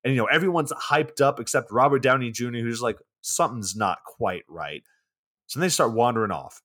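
A man in his twenties co-hosts a podcast, casually recapping a film's plot with plenty of swearing and filler words. His medium-pitched voice is a bit bright, and he talks fast.

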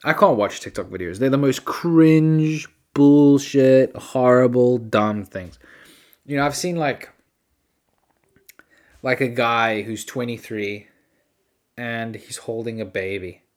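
A man's voice: medium pitch, takes it slowly. A man hosting a solo podcast, rambling through incredulous rants with self-deprecating asides. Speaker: podcast host.

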